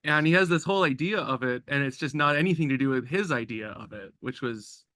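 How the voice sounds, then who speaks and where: Bright-voiced man with opinionated remarks. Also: mid-range voice, expressive, no echo, clean studio sound. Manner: quick opinionated remarks, laughs often. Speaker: book discussion participant. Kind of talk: casual chat.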